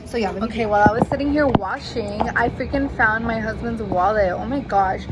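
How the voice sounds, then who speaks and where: A young mom talks casually on her phone camera at home, her voice sitting a touch high. She curses offhand and drops Spanish words into her chatter. Household noise runs clearly under the recording. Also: fairly quick. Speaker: mom vlogger. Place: at home, indoors and in the yard.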